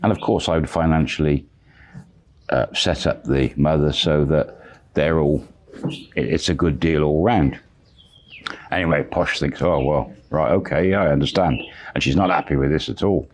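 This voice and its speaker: A man's voice: very deep voice, moderate pace, pauses often, a little hiss or hum. A man casually telling a long story, rambling and repeating "he says" and "she says". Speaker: channel storyteller.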